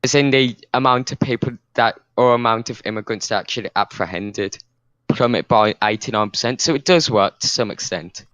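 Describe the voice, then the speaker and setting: Brief: young British male podcast co-host, mid pitch, dead-dry close mic, rambling and argumentative. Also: fairly quick, a bit bright, no echo. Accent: British English. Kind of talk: casual debate chat.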